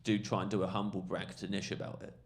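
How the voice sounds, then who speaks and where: A man's voice: low voice, vocal fry. A man, a comedian guest, telling a story with laughing asides at a live podcast show. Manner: animated, laughing, quick asides. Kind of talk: comic storytelling. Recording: noisy live podcast recording.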